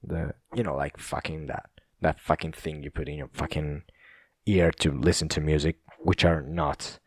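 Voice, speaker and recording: A man's voice: extremely low pitch, little pitch movement, moderate pace, husky, dry recording, clean studio sound. A young Italian man with an Italian accent, rambling casually in a monologue, laughing often and full of fillers and restarts. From Italy.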